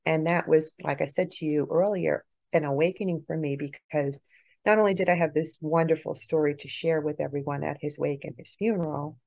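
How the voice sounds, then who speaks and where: A middle-aged woman, a podcast guest, telling an earnest personal story that swings between hushed and excited. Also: sits low, fairly quick, gravelly, dry recording, muffled recording. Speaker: guest, author and paranormal investigator.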